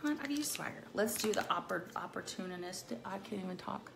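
A woman's voice: mid-range voice, lively intonation, fairly quick, creaky, fairly bright tone, a little hiss or hum. A middle-aged woman chatting casually through a makeup tutorial, bubbly and playful, with silly rhyming words. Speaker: makeup vlogger.

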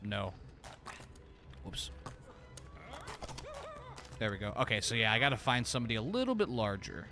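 A man's voice: lowish voice, big pitch swings, normal speed, pauses often. A man streaming a game, giving casual commentary, laughing often and swearing casually.

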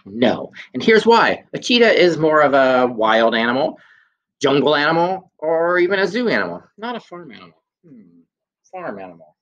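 A man's voice: a little high, big pitch swings, moderate pace, a bit bright, highs cut off. A young man teaching a children's music class over video, playful and sing-song as he gives clues and sings simple songs. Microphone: handheld phone camera.

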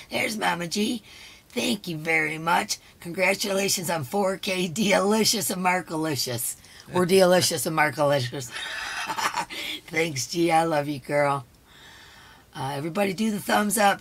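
A hoarse woman hosting a casual live stream. She chats along and greets each viewer by name. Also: lowish voice, animated, moderate pace. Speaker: livestream host.

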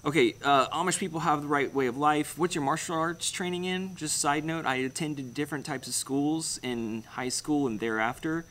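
On his own channel, a young man goes through viewer comments in a casual livestream chat, rambling, blunt and swearing freely. His voice sits on the high side and is a bit bright, moving at normal speed with few pauses.

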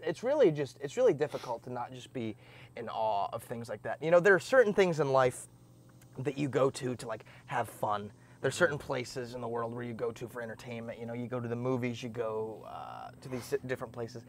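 A man's voice: medium pitch, fairly quick, slight background noise. A young man from Indiana co-hosting a podcast, chatting casually and acting out his own reactions as he tells stories. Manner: animated storyteller, acts out his own reactions. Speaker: podcast co-host. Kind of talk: casual chat, storytelling.

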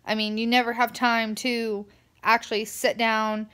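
A young woman talks straight to her camera in a loose, rambling vlog, sounding tired. Her voice sits a little high, and she strings thoughts together with constant fillers. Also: little pitch movement, a little slow, pushed and bright, clean tone. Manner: chatty, rambling, lots of "like" fillers. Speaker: vlogger. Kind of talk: casual vlog rant.

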